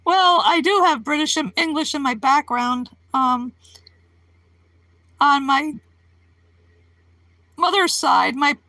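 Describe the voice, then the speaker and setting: A high, bright-voiced woman chats with her live-stream viewers, rambling from thought to thought and giggling often. Her voice is crisp and sits close and dry in the recording, with no room around it. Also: takes it slowly, pauses often, no room sound. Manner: rambling, giggly, laughs often between remarks.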